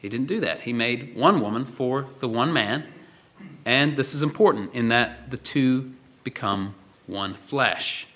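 A man preaching a measured sermon, pausing often with fillers. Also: medium pitch, a bit bright. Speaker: pastor. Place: church.

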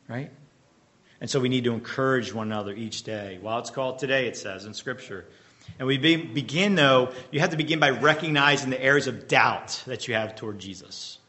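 A man's voice: mid-range voice, expressive, pushed and bright. A man preaching a sermon as pastor, quizzing the congregation with fill-in-the-blank questions and repeating key points with emphatic bursts. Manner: emphatic bursts and slowed-down repetition.

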